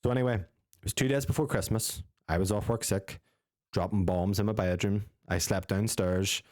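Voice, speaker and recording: A young man, telling a sweary, animated story as a podcast co-host. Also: fairly low pitch, normal speed, no echo, clean studio sound. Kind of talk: casual storytelling with friends.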